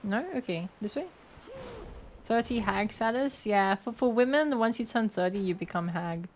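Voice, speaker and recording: A woman's voice: medium pitch, moderate pace, a little hiss or hum. A woman in her twenties chatting casually and playfully with her viewers while she plays a game and reads chat. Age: 20s. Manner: playful, giggly, thinks aloud. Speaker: streamer.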